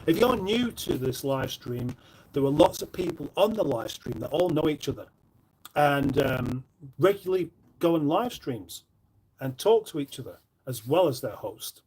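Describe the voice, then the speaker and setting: A man chats his way through a live stream from his kitchen, his voice sitting a little higher than most men's. He reads viewer messages aloud and answers them in a rambling, dry and self-mocking way. He sounds middle-aged and easygoing. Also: animated, normal speed, darkish tone, husky. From northern England. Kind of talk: casual live stream chat, reading out viewer comments. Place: home kitchen.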